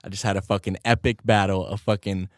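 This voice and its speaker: A man hosting his own podcast from a home studio, telling a story in a casual, animated way, swearing constantly and laughing along. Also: fairly low pitch, fast talker, dry recording. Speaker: podcast host.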